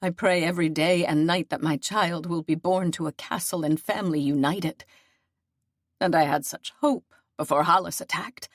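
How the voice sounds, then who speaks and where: A woman's voice: on the low side, steady tone, moderate pace, no room sound, studio quality. Brief: a woman doing an earnest grieving noble lady for an audiobook. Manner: earnest and emotional.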